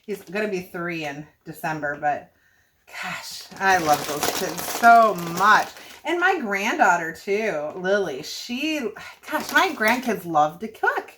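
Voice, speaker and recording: A woman's voice: medium pitch, big pitch swings, slow, a bit bright, slight background noise. Older lady cooking and chatting to camera, voice bounces up and down a lot, rambly. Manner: chatty, rambling, frequent self-corrections and laughs. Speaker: homestead cooking vlogger. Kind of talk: casual cook-along chat to camera. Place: home kitchen.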